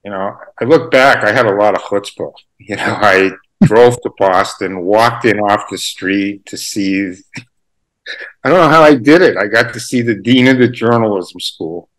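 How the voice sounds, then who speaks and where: A man's voice: on the low side, moderate pace, fairly bright tone, poor audio. A man from Canada, a journalist guest, talking in a rambling, self-deprecating way and laughing often. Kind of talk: casual interview conversation.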